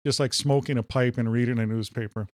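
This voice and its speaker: A storytelling man from Minnesota, joking his way through a casual podcast chat. His voice sits at a middle pitch. It is recorded dry and close on a studio mic. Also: fast, no echo. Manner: animated storyteller, jokey. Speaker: podcast co-host.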